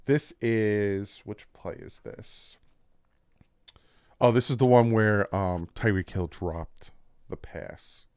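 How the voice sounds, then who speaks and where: A man with a New Jersey accent casually breaking down football practice clips as a channel host, explaining plays with excitement. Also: on the low side, slow, smooth, no room sound. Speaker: sports commentator.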